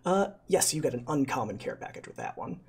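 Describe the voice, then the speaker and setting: A man's voice: medium pitch, wildly swooping pitch, brisk, creaky, slightly rough. A man narrating as dungeon master in a playful, hesitant way, full of fillers. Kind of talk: narrating a tabletop game.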